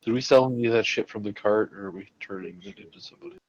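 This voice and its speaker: A man playing in a tabletop game, calling out loud quips from away from the mic. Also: lowish voice, rapid-fire, no room sound. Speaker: player. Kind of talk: casual tabletop game chat. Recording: dull, lo-fi distant mic.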